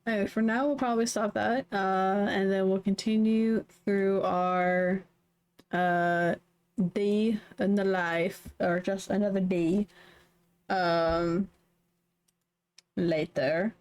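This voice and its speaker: A woman's voice: mid-range voice, fairly even intonation, takes it slowly, a little mellow, clean tone. A woman from the Southern United States streaming live, chatting casually in a meandering way with many fillers. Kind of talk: casual chat.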